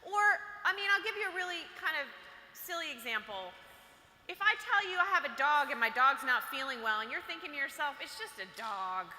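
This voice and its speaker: A woman's voice: high voice, animated, fairly quick, bright, forceful tone, a little hiss or hum. A woman giving a playful, chatty motivational talk to a live audience of girls. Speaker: workshop speaker for girls. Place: large hall. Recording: echoey hall with long reverb.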